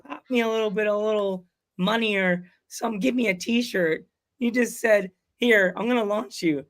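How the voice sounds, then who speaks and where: A man's voice: sits high, normal speed, a bit bright. A man hosting a podcast, telling rambling, jokey stories in casual chat. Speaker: podcast host.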